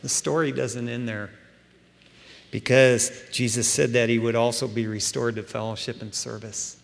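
A man preaching a sermon as pastor, animated and emphatic, with casual asides to his congregation. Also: medium pitch, moderate pace, vocal fry. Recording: long hall reverb.

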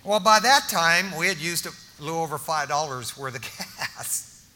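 A man's voice: on the high side, expressive, moderate pace, sharp tone, slight background noise. An older man preaching, telling a personal story with jokes, restarts and acted-out dialogue. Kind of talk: storytelling sermon testimony. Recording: long reverb of a large hall.

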